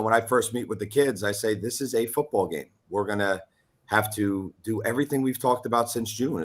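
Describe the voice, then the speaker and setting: A man, a high school football coach, giving measured, plain-spoken interview answers. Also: fairly bright tone.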